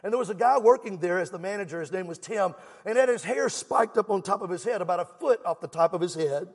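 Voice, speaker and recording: A man's voice: high voice, quick pace, slightly rough. A man preaching a fervent sermon as a guest evangelist, exhorting the congregation and calling for them to answer back. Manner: fervent, exhorting, calls for crowd response. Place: church sanctuary. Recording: long church hall reverb.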